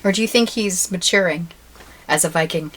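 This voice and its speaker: An American woman co-hosting a relaxed podcast. Her delivery is dry and teasing, with a plain mid-range voice. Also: on the low side, normal speed. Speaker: podcast co-host. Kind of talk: casual chat.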